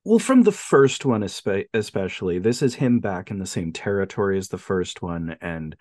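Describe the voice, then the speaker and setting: This low-pitched male voice moves at a moderate speed, and the recording is clean studio sound with no room noise. Chatting casually as a film podcast co-host, he laughs a lot and acts out scenes by quoting lines with animation.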